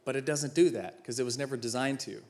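Fast and a little mellow, this mid-range male voice belongs to a former football player in his thirties. He delivers an inspirational talk, laughing at himself through personal stories and dramatizing the dialogue.

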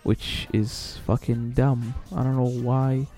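A man's voice: mid-range voice, little pitch movement, slow, mellow. A man hosting his own solo podcast, rambling casually and swearing, with many fillers and restarts. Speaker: podcast host. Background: faint background music.

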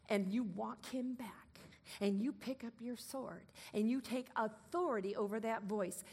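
A woman preaching a sermon, emphatic and commanding, moving between loud declarations and softer asides. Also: fairly high pitch, unhurried, husky.

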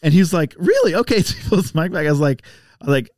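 A man's voice: fairly high pitch, fast, dry recording, studio quality. A man guest on a podcast, telling a casual story and acting out the other people's voices. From Texas. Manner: animated, acts out voices in anecdotes. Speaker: podcast guest, bike rider.

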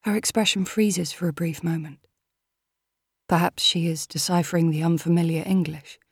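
A woman reading an audiobook in a measured, steady manner. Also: fairly low pitch, husky, no echo, clean studio sound. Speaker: audiobook narrator. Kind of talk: audiobook narration.

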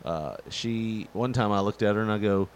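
A middle-aged man chatting casually, rambling with fillers and jumping into animated quoted voices. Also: moderate pace, a little hiss or hum. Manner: animated storyteller, jumps into high-pitched quoted voices; rambling, many fillers and restarts. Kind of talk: casual chat.

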